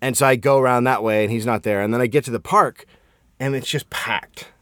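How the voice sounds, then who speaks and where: Brief: middle-aged male podcast host, profane, animated storyteller, mid-range voice, dry close mic. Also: mid-range voice, brisk, no room sound. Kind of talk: casual storytelling chat.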